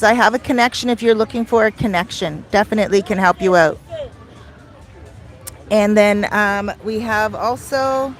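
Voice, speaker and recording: A middle-aged Canadian woman with a Canadian accent, chatting casually on a beach livestream and reading viewer comments aloud. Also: fairly high pitch. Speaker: vlogger. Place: outdoors on a beach. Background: faint outdoor street noise.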